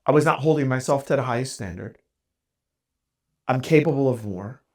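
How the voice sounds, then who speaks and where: A man hosting a podcast, telling a candid, self-deprecating story in a casual, animated way. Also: mid-range voice, normal speed. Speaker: podcast host.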